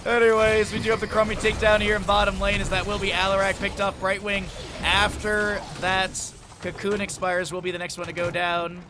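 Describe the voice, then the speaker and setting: A man's voice: sits high, completely flat delivery, background noise. A man casting a live esports match, calling the plays and chatting with viewers in chat. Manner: rapid play-by-play calls with chatty asides to chat. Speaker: esports caster. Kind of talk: live esports play-by-play commentary.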